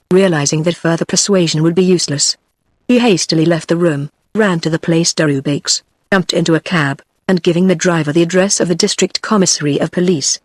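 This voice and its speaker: A text-to-speech woman's voice with a British accent, narrating a classic novel in an even synthetic way. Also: fairly low pitch, no room sound. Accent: British English. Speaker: audiobook narrator. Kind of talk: text-to-speech book reading.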